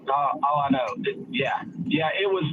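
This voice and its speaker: A man's voice: a little high, moderate pace. Hesitant male caller on a phone line. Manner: hesitant, filler-heavy storytelling. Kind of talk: phone-in chat. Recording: tinny phone line with noise.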